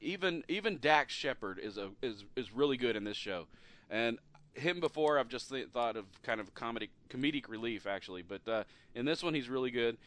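A man's voice: mid-range voice, lively intonation, fairly quick, fairly bright tone. A middle-aged man hosting a casual podcast chat, talking loosely with frequent laughs and trailing off at the ends of sentences. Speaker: podcast host.

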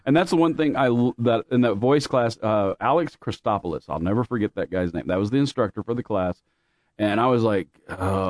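A man from Louisiana and Oklahoma telling stories in a relaxed, rambling way, laughing often between thoughts. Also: fairly low pitch, dry recording, studio quality. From born in Louisiana, raised mostly in Oklahoma. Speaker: guest with radio and theater background. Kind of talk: casual chat.

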